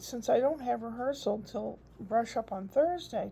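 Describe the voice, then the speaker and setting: A woman's voice: fairly high pitch, expressive, measured pace, creaky, few pauses, dark tone, slight background noise. An older woman, a grandmother, chatting in a rambling, casual video diary. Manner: chatty, rambling, frequent laughs. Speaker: vlogger. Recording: dull lo-fi recording.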